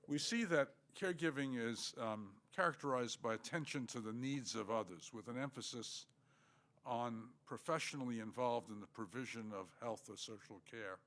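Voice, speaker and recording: An older man giving an academic lecture, measured and halting, with many fillers. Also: mid-range voice, fairly bright tone. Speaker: guest lecturer.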